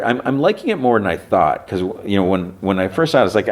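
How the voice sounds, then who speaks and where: A man's voice: low voice, lively intonation, a little fast. A man hosting a podcast, casually recapping an episode in a rambling way, full of fillers, and acting out the lines of the characters. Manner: rambling, filler-heavy, acts out quotes. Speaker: podcast host.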